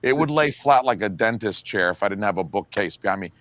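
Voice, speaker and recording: A man in his forties with a somewhat low voice, recorded close and dry. He talks in a crude, self-mocking way, spinning funny stories about himself. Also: lively intonation, fairly quick, fairly bright tone, no room sound. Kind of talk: casual chat. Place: home room with a bookcase.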